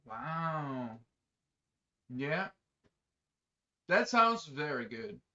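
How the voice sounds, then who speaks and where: A man chatting casually on a live stream, answering chat in a rambling, excitable way that breaks into loud exclamations. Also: fairly high pitch, extremely slow, highs cut off. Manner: chatty, rambling, many fillers.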